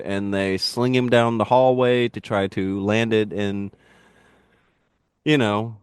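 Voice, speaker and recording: A man in casual podcast chat, telling animated, rambling wrestling anecdotes and laughing at his own jokes. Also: fairly low pitch, smooth, no echo, clean studio sound. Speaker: podcast guest, wrestling YouTuber.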